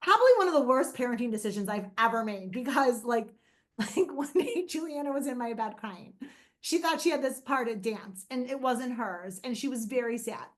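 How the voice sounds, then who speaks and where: A woman guest on an interview, telling lively stories about raising her autistic son, laughing often and acting out quoted lines in casual chat. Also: fairly high pitch, moderate pace.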